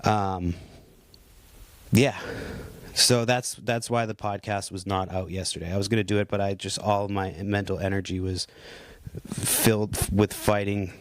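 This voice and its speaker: A man in his thirties rambles through a heated, profane monologue, full of restarts and asides. His voice sits on the low side. The recording is dry, with no room sound. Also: steady tone, a little slow, no echo. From Puerto Rico. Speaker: podcast host. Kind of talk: casual ranting monologue.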